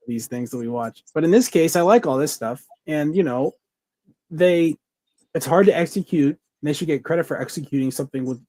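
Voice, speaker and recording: A male podcast co-host with a dark tone and a voice on the high side chats casually about something under review. He's enthusiastic and rambling, with many fillers and restarts, and the recording has no echo.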